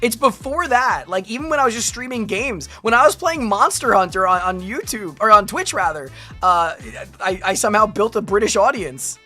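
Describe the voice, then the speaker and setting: A woman streamer chatting through a live reaction, rambling and animated, breaking into laughs and shouts. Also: mid-range voice, moderate pace, hardly any pauses, soft background music. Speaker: streamer reacting to a lore video.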